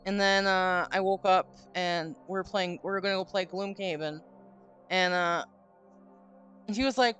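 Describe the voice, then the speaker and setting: A woman's voice: mid-range voice, steady tone, normal speed, fairly bright tone, clean tone. A woman hosting a live stream, chatting casually and telling a long, rambling story with some swearing. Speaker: streamer host. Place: home stream room. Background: faint spooky music.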